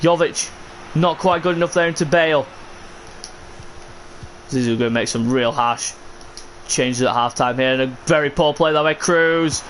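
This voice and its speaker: Frustrated streamer, man, calls his own game with sudden shouts; light background hiss. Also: on the high side, normal speed, long pauses. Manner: frustrated, exasperated, bursts into shouts. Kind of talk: live game commentary.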